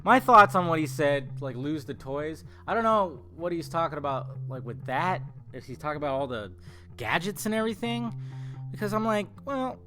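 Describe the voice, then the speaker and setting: A man's voice: fairly high pitch, animated, moderate pace, pushed and bright. Tired, rambling man chatting over guitar music. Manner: rambling and chatty, many fillers and restarts. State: tired morning voice. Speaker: film vlogger. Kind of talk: casual movie news chat.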